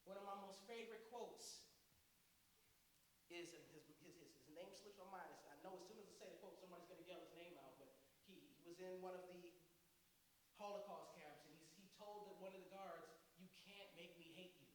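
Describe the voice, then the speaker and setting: A man giving a sermon as a guest speaker in a church, telling stories in an animated way. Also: high-pitched, a little fast. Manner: animated storytelling preacher. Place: church sanctuary. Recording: very echoey hall with faint hiss.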